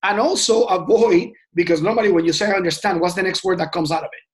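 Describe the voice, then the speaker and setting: A man's voice: high-pitched, fairly even intonation, quick pace. A man teaching a sales training session in a casual, passionate way, often repeating words and restarting sentences. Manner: passionate and emphatic.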